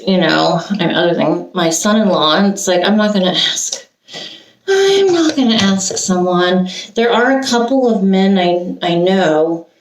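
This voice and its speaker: An older woman chats as she gets ready, rambling and emotional, with sighs and restarts. Her voice sits a little low and moves slowly. She is picked up from a distance in a roomy space with faint noise behind her. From Santa Cruz, California. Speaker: vlogger. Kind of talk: get-ready-with-me chat. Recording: roomy echo, heard from a distance.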